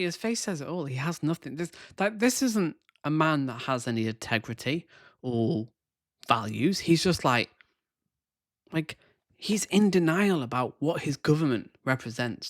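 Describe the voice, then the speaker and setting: A man's voice: mid-range voice, animated, measured pace, dry recording, studio quality. A man casually commenting on a debate clip he is reacting to, with critical, conversational asides.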